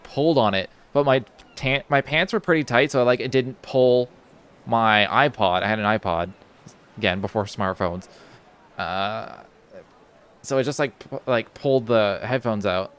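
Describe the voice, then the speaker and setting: A man's voice: lowish voice, a bit bright, clean tone. A young man streaming a video game, telling a story in a rambling, casual way, with lots of restarts, filler words and casual swearing. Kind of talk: casual storytelling while gaming.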